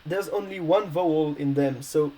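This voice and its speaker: A man teaching a language lesson in English that is not his first language, explaining slowly with many fillers and restarts. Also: fairly high pitch, dark tone, low-quality recording.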